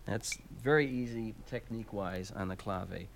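A man's voice: on the low side, moderate pace, gravelly. A man teaching Latin percussion, explaining each instrument step by step and counting out beats aloud. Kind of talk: instructional demonstration. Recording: loud background noise.

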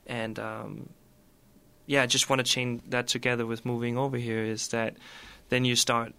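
Man with a bright, smooth voice. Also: mid-range voice, flat delivery, normal speed. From Denmark. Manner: rambling, filler-heavy, laughs easily. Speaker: musician guest. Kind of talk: casual interview chat.

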